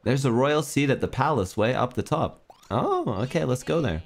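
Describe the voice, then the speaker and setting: A man's voice: medium pitch, lively intonation, moderate pace. A young man commenting casually on a video game as a streamer, joking and reading the game's dialogue aloud.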